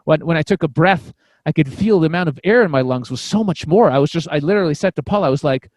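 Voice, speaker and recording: A man's voice: fairly high pitch, expressive, fast, darkish tone, no echo. Chatty profane man with a dry sound. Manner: rambling, profane, frequent restarts. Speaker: podcast guest, comedian. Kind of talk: casual storytelling.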